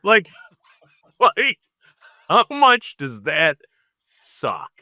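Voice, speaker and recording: Male co-host, relaxed chatter, a touch high, tight dry sound. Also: very slow, no echo. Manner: easygoing, repeats words while searching. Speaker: podcast co-host. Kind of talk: casual banter.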